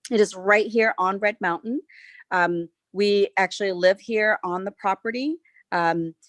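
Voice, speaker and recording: A woman from South Carolina with a Southern accent, a winery owner chatting through a virtual tour with relaxed, friendly storytelling. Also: medium pitch, no room sound. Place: winery tasting room.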